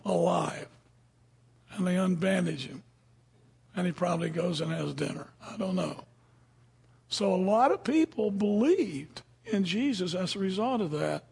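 Male Bible teacher, husky and fairly high, relaxed talky delivery. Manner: conversational, asks the audience questions. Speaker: preacher.

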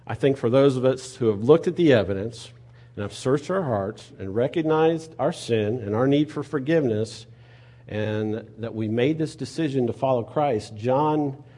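A man preaching a sermon in a conversational way, asking rhetorical questions and moving between quiet and loud delivery. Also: mid-range voice. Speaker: pastor.

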